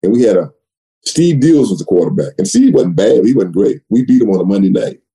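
Older man, low gravelly voice, retired athlete swapping stories in an interview. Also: brisk, low-quality recording. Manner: animated storyteller, repeats words, acts out quoted dialogue. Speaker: retired running back, interview guest. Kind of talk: conversational storytelling. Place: home office.

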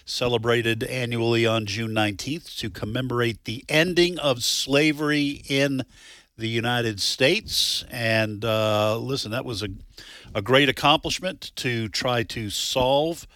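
A radio talk show host with a bright, medium-pitched voice rambles and restarts, chuckling at himself between thoughts. The studio sound is dry and close, with no room sound.

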